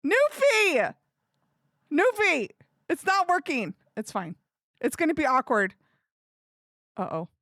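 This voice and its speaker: High and sing-song, this young woman's voice has a sharp tone and a measured pace with frequent pauses. She's a giggly, chatty live streamer talking to her viewers and to herself while she figures things out, captured in studio quality with no room sound.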